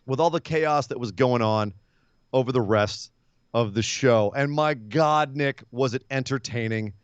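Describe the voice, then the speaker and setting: A man co-hosting a casual wrestling podcast, telling stories in an animated way and acting out quotes. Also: medium pitch, unhurried, clean tone, no room sound, dull audio. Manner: animated storyteller, acts out quotes. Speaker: podcast co-host. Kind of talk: casual wrestling recap chat.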